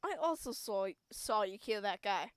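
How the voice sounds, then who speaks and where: A woman streamer playing a game on a close mic, reading the text aloud and reacting with loud exclamations. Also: medium pitch, normal speed, clear, resonant tone, dry recording, low-quality recording. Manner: animated, exclaims, laughs and wheezes at the game. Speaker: gaming streamer.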